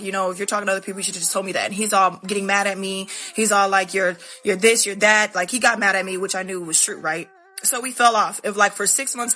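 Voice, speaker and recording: A woman's voice: medium pitch, sharp tone. A young woman telling a candid, profane storytime monologue to her viewers. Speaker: vlogger.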